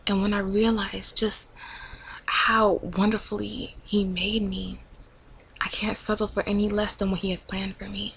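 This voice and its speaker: A young woman in her twenties talking earnestly in a faith-based vlog, encouraging viewers and often dropping to a soft near-whisper. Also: mid-range voice, a little hiss or hum, low-quality recording. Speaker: vlogger.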